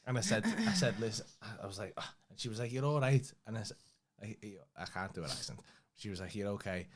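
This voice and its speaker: A man's voice: lowish voice, big pitch swings, fast talker, fairly bright tone, breathy edge. Sweary Liverpudlian man telling stories. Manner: sweary, rambling anecdote-telling. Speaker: podcast co-host. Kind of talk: casual chat, storytelling.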